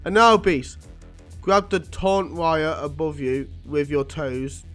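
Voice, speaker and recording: A man's voice: fairly high pitch, takes it slowly, fairly bright tone, faint music behind. A man reading a comic aloud, voicing a stern old male telepathic professor who drills his students. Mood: commanding. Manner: commanding, drilling.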